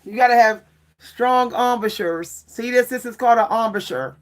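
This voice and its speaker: A woman's voice: a little high, normal speed. Woman vlogger, casual live chat, talkative, frequent laughs and "y'all". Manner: chatty, keeps saying "y'all", laughs often. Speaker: vlogger and French horn player.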